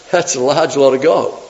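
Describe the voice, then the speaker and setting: A man preaching an animated sermon, acting out the story in voices. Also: mid-range voice, creaky, highs cut off. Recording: long reverb of a hall.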